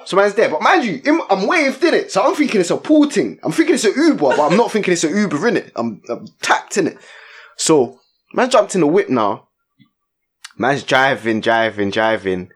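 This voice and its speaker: A man's voice: a little high, normal speed, slightly rough. A young man, telling a story in casual podcast chat, full of slang and tag questions. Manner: slangy, animated storytelling with lots of "innit" and "you get me". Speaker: podcast co-host.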